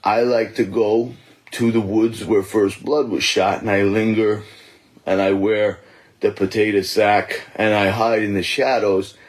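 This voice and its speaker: A man doing a gruff aging action star. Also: fairly low pitch, flat delivery, a little slow, lightly acted, rough recording. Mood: deadpan boastful. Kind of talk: comic impression.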